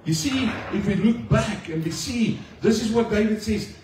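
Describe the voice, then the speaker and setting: Male pastor, mellow voice, slightly high, talking to his flock, roomy distant sound. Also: moderate pace, few pauses, a little hiss or hum. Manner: conversational preaching with rhetorical questions to the congregation. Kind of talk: sermon. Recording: echoey room, speaker off-mic.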